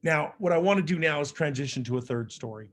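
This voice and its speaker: A man's voice: a little high, animated, fast. Earnest man telling his life story. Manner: earnest, conversational, frequent fillers and restarts. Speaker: motivational speaker. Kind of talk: personal storytelling speech.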